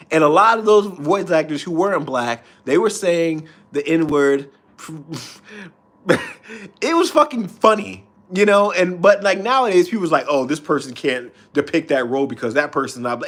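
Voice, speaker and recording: Heated, cursing man ranting on stream. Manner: profane, heated, rapid swings up and down in pitch. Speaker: live streamer reading comments. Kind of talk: unscripted ranting.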